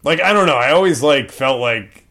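Bright-voiced man chatting casually. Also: medium pitch, lively intonation, moderate pace. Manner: rambling, heavy use of "like", laughs often. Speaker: podcast co-host. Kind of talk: casual chat.

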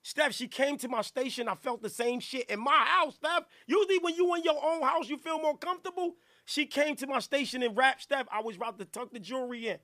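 A man from Newark with a New Jersey accent, hosting a hip hop radio show in a loud, joking, crude manner. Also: very high voice, a little fast, few pauses, no echo, clean studio sound.

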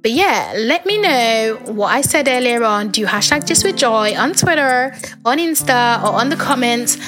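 Chatty young woman, slightly hoarse. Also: a little high, expressive, normal speed, music in the background. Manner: candid, rambling, chatty. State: losing her voice, a bit hoarse. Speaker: podcast host. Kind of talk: casual podcast monologue.

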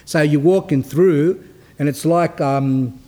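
Rambling priest, somewhat high voice. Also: male voice, slow pace, warm tone. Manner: rambling, anecdotal, with frequent restarts. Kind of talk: spoken sermon talk.

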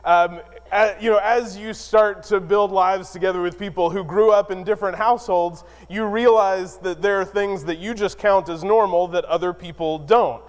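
A man preaching a sermon, telling a personal story in a relaxed, self-deprecating way with lots of fillers. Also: high voice, moderate pace, hardly any pauses, in a large hall. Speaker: pastor.

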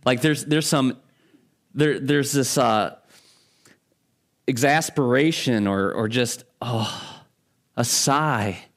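A pastor speaking from the pulpit in a mid-pitched man's voice. He preaches conversationally, often stopping and restarting his sentences as he works through a thought. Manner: conversational, halting with many restarts. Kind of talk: sermon.

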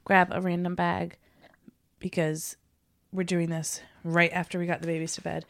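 A woman's voice: lowish voice, level tone, moderate pace, creaky. Winded woman chatting casually. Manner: rambling, talkative, tired. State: out of breath, recovering from illness. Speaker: podcast host. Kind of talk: casual chat.

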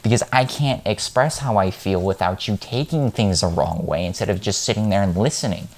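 Low-voiced man, blunt and rambling, venting straight to camera in a casual vlog. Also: fairly quick. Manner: frank, rambling, heated. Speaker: vlogger. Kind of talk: casual monologue.

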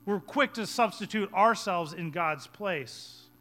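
A man preaching a sermon as pastor, swinging between hushed, low passages and loud, urgent ones. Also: takes it slowly, faint music behind.

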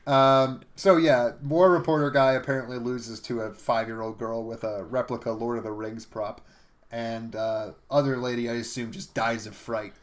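Man, podcast co-host, sarcastic, profane, medium pitch. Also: fairly even intonation, moderate pace. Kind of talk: casual chat.

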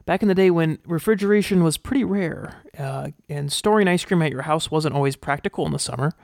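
A man's voice: a little high, brisk, vocal fry, darkish tone, no echo, clean studio sound. A man hosting a casual solo podcast, thinking aloud with many fillers and restarts and reading research aloud. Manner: reads research aloud and comments on it. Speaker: podcast host.

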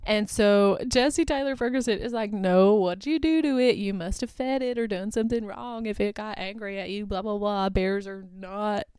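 A woman's voice: mid-range voice, normal speed, few pauses, darkish tone, clear, resonant tone, no echo. A woman hosting a podcast, recapping a movie in a casual, chatty way with frequent laughs and filler words. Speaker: podcast host.

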